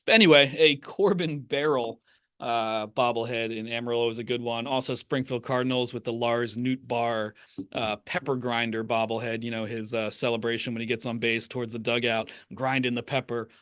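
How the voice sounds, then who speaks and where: Uomo che chiacchiera con voce asciutta. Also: male voice, medium pitch, fairly even intonation, moderate pace, fairly bright tone, smooth, dry recording, studio quality. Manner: rambling, hesitant with many fillers. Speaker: podcast co-host, writer. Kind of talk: casual chat.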